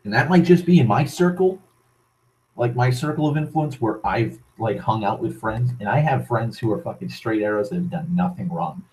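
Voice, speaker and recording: A man's voice: on the low side, lively intonation, moderate pace, darkish tone, low-quality recording. A young man from Massachusetts ranting casually into his camera, heavy with profanity, sardonic asides and rambling restarts. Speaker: vlogger. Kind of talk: casual rant.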